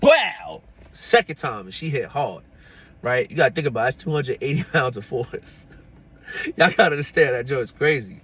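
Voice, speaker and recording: Man, mid-pitched, casual storytime, chatty and laughing, lots of "you know what I'm saying". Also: sing-song, normal speed, fairly bright tone, slightly rough.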